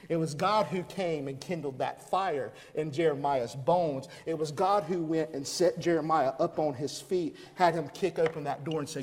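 A man preaches with a high, ringing voice, repeating phrases in a steady cadence and climbing to loud emphatic peaks. His sermon echoes through a church sanctuary with a long trailing reverb. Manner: rhythmic preaching with repetition, rising to loud emphatic climaxes. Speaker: pastor.

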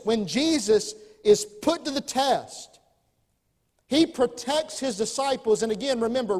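A man preaching a sermon, moving between loud emphatic lines and quiet, quick asides. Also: high voice. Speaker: pastor. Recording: long hall reverb.

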